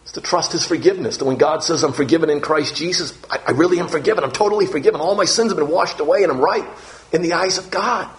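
A man preaching a sermon with a somewhat high voice. He is earnest and keeps repeating phrases, and his voice climbs on the words he wants to stress. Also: fast. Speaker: pastor.

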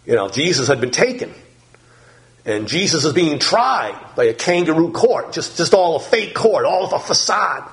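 A male pastor preaching a sermon in an animated, emphatic manner, dropping low and soft for prayer. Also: normal speed.

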